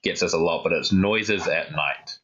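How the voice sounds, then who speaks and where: A man's voice: deep voice, normal speed, pushed and bright, dull audio. A man co-hosting a podcast in casual chat, loose and hesitant with plenty of fillers. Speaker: podcast co-host.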